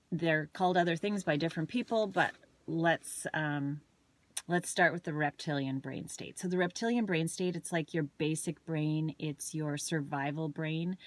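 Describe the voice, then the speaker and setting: A woman's voice: sits low, no room sound. A woman, a parent and wellness coach, chatting casually and telling a story, with some restarts and ums. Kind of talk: casual chat to camera.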